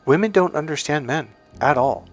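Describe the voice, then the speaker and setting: A man's voice: a little high, normal speed, soft background music. Blunt, profane middle-aged male coach. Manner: blunt, profane, storytelling with acted-out voices. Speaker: dating coach. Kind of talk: instructional monologue.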